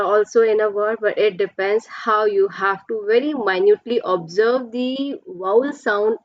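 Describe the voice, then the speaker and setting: A woman's voice: a little high, dry recording, dull audio. Patient woman teaching a pronunciation lesson. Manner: patient, explains step by step with drawn-out examples.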